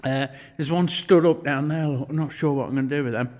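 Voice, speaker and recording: In a brisk, steady delivery with a darkish tone and a slightly high voice, a metal fabricator narrates his workshop vlog. He explains his work bluntly, swearing a lot, and is sometimes out of breath.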